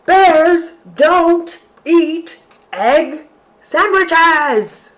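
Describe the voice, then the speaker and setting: A woman voicing a big grumpy bear in a storybook reading, bellowing drawn-out lines. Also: on the low side, animated.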